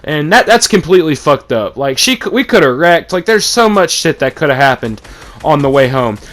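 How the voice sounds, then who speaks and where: A man's voice: on the high side, sing-song, moderate pace, a bit bright. A man from East Texas, telling a rambling, profane story about his own life. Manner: rambling, swears a lot, acts out quotes.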